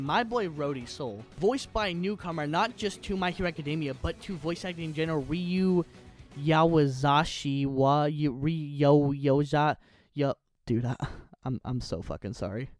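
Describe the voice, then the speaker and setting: A young man giving a casual, slangy film review, sometimes tripping over his words. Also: on the high side. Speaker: YouTube movie reviewer. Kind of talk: casual movie review monologue.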